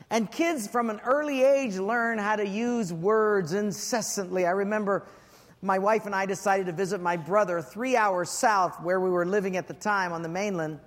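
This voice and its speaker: A man preaching a sermon as pastor, telling stories with lively acted-out voices and comic shouting. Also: high-pitched. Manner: animated storyteller, acts out voices and shouts for comic effect. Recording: long reverb of a large hall.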